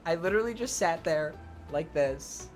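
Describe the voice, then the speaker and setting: A man's voice: on the high side, lively intonation, moderate pace, faint music behind. A young man streaming, telling a long story casually to his live chat, padding every phrase with "like", swearing often and breaking off to thank viewers. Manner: rambling, fills every phrase with "like", swears a lot.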